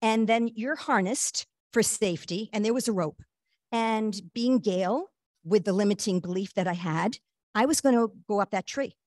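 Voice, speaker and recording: A woman guest shares a personal story in an earnest, halting voice that leans on fillers and small restarts. Her pitch sits in an ordinary middle range. The sound is dry and close, with almost no room around it. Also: a little mellow, dry recording. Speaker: guest speaker.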